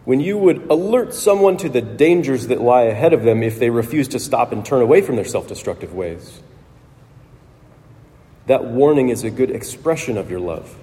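A man's voice: mid-range voice, expressive, normal speed, dark tone, big-room sound. A man preaching a sermon as pastor, earnest and reflective, thinking aloud with restarts.

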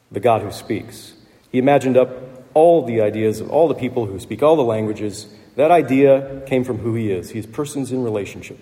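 A man's voice: mid-range voice, warm tone. A man preaching a sermon in a conversational way, with fillers and small laughs. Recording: long hall reverb.

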